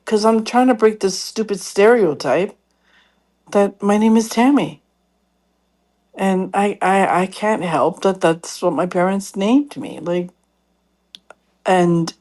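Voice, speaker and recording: A woman telling a story in casual call-in chat, acting out what others say to her. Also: mid-range voice. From Canada. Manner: animated storytelling, acts out others' lines.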